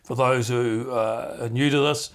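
A man with a mid-range voice hosts a podcast, speaking a little slowly as he teaches from the Bible in an earnest, conversational style. He often repeats words and grows animated when acting out quotes.

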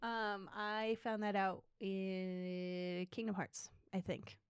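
A woman with a mid-range pitch chats on a podcast and tells stories about her family. She swears casually and laughs through her anecdotes. The recording is dry and close. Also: level tone, takes it slowly, clear, resonant tone, no room sound. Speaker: podcast co-host. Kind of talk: casual chat.

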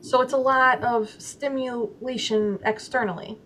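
A woman's voice: on the high side, steady tone, measured pace, fairly bright tone, rough recording. Woman guest, casual interview, candid storytelling, filler-heavy, acts out inner voices, faint hiss. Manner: frequent "like" fillers.

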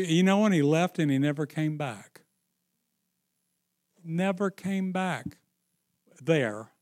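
A man preaching a sermon, slow and emphatic, dropping into hushed storytelling and rising again for emphasis. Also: on the high side. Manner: slow, emphatic, swings into sung and shouted phrases.

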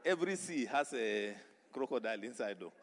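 Male pastor, sermon, emphatic repetition, mid-range pitch, reverberant church hall. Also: expressive, brisk, vocal fry, slight background noise. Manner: emphatic repetition, rising to loud exhortation.

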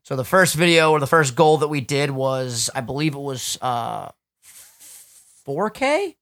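A young man hosting a podcast in casual chat, excitable, swearing freely and laughing often. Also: mid-range voice, unhurried. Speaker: podcast host.

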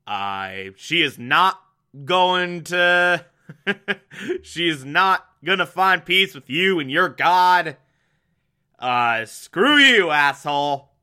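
Man paraphrasing a furious father, blunt, cursing, slow and bright-voiced. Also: on the high side, animated, clean tone, exaggerated voice. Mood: angry. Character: furious middle-aged father confronting a pastor.

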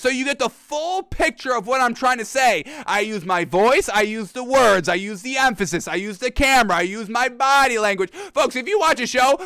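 A man's voice: extremely high pitch, bright, forceful tone, clean tone, no room sound. A man hosting a sports talk show, ranting emphatically to camera and repeating his points. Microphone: camera mic.

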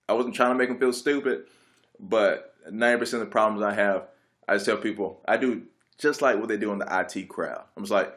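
A man's voice: lowish voice, a bit bright. A young adult man telling a casual story in a rambling, laid-back way, with lots of filler words. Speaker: vlogger.

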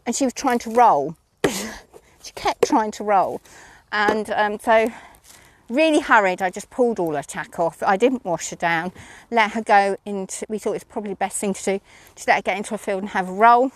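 A woman chatting casually about her horses, giggling often and filling pauses with ums. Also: mid-range voice, slight background noise. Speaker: horse owner vlogger. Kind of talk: casual chat.

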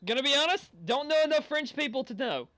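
Hyper guy talking fast, high bouncy voice, swears a ton. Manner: excitable, jokey, swears a lot. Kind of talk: casual chat.

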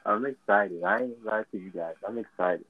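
A man co-hosting a casual podcast chat, an animated and slangy storyteller who laughs often. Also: fairly low pitch, a little fast, breathy edge, no echo. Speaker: podcast co-host. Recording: tinny phone-like line, dry.

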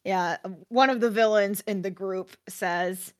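A woman's voice: mid-range voice, a little slow, few pauses, clean tone. A woman co-hosting a casual podcast about a video game, laid-back and chuckling. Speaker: podcast co-host.

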